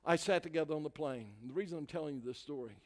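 An older man preaching as a guest speaker, telling a story with animated delivery that rises to shouts. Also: fairly high pitch, very fast. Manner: animated, rising to shouts at climaxes. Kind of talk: sermon storytelling. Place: church sanctuary. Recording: long reverb of a large hall.

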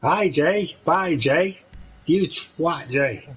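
A man's voice: on the high side, very slow, fairly bright tone, slightly rough, poor audio. A man chatting while gaming with friends, jokey and chatty, swearing freely. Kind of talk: casual gaming chat.

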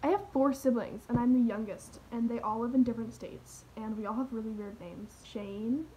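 A woman's voice: a little high, steady tone, brisk, mellow, slight background noise, rough recording. A teenage girl rambling through a parody vlog in her bedroom, full of fillers and drifting into whispers. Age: teens. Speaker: vlogger.

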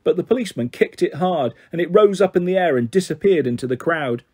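A man reading a children's novel aloud in steady first-person narration, giving voices to the characters. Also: fairly high pitch, fast, breathy edge. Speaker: storyteller.

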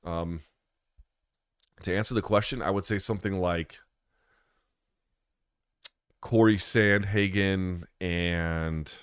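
Male stream host, low voice, dry close sound, candid and profane, off-the-cuff. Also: fairly even intonation, slow, pauses often, a bit bright, clear, resonant tone, no echo. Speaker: host answering viewer questions. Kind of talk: casual live-stream chat.

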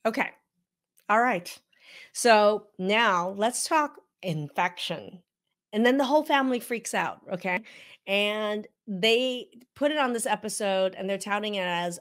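A woman doctor talks straight to her viewers in a casual health explainer. She is blunt and emphatic, leaning on a questioning "okay?" to keep them with her. Her asides are teasing and a little salty, and her voice sits at an ordinary middle pitch. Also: a little slow, a bit bright. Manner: mildly profane, teasing asides. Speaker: doctor and health video host.

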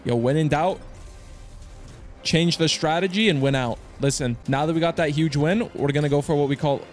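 A man hosting his own channel, commenting excitedly to viewers with slang, swearing and loud outbursts. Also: a little high, moderate pace, soft background music. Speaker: slots streamer host.

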